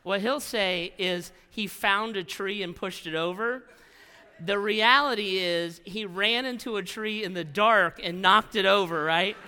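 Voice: medium pitch, unhurried, bright, forceful tone, clear, resonant tone, long reverb tail. A pastor preaching a sermon, telling a story with repeated phrases and frequent "right?" tags.

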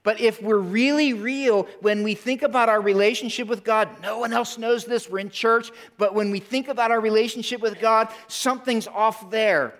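A man preaching a sermon in a church, emphatic, drawing in the congregation with questions and pauses. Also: sits high, fairly even intonation, a bit bright. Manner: emphatic, calls for audience response, dramatic pauses. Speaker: pastor. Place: church sanctuary.

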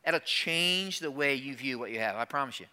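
A man's voice: mid-range voice, animated, normal speed, sharp tone, smooth. A man preaching a conversational sermon as a pastor, asking the congregation rhetorical questions and acting out their objections.

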